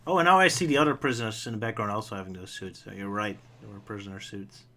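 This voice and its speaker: A man's voice: fairly low pitch, fast talker, bright, forceful tone. A man hosting a casual comic review chat, joking and laughing often. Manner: laughs often, playful jokey asides. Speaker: podcast host.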